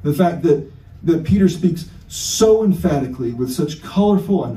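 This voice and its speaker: A man's voice: on the high side, animated, moderate pace, mellow, echoey room. A male pastor preaching an emphatic sermon full of rhetorical questions, heard from a distance in a church.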